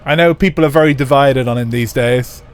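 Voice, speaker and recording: At a fairly quick clip and medium pitch, this young man provides live commentary on a racing game he's streaming. His casual chat with viewers rambles, full of swearing and fillers.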